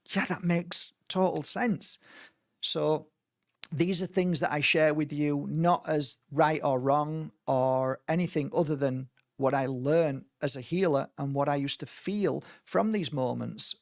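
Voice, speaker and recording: A man speaks as a healer guiding a workshop, earnest and meandering, often restarting his sentences. His voice sits a bit higher than most men's. The sound is dry and close, with no room around it. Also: gravelly, no room sound. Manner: earnest, rambling, with frequent restarts and mimicked voices. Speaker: spiritual healer leading a workshop. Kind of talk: informal spoken workshop talk.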